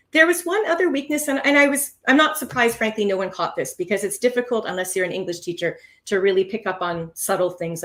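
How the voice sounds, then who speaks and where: A woman runs a live online lesson on test preparation. She explains patiently, speaks at a middle pitch and leans hard on the important words. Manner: expressive, stresses key words, explains patiently. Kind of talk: live online teaching session.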